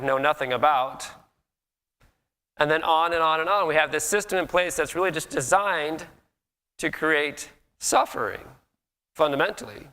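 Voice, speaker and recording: Gravelly man preaching in a hall. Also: on the high side, pushed and bright. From Colorado. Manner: conversational preaching, mimics people's inner voices. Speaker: guest minister. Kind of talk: sermon. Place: church sanctuary. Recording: long hall reverb.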